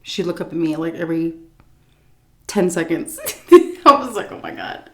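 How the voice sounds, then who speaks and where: A woman's voice: on the low side, expressive, moderate pace, a little mellow. A woman food vlogger telling a story in a chatty, casual way while she eats, often breaking into laughs.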